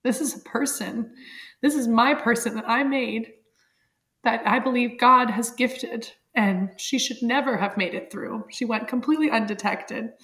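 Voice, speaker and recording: A woman's voice: fairly high pitch, a bit bright. A woman in her thirties, a podcast guest, telling a personal story candidly and with feeling, laughing often and using many fillers.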